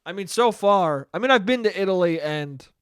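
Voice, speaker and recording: Young man, solo podcast host, profane rambling, smooth clear voice, dry close sound. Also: high voice, lively intonation, moderate pace, dry recording. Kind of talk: casual solo podcast monologue.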